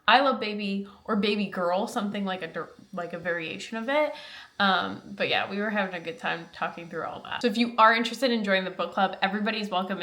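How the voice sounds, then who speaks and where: A young woman talking to camera about a book she loved, gushing and animated, with lots of "like". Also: medium pitch. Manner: gushing and animated, heavy use of "like". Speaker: book review creator. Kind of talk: casual chat to camera.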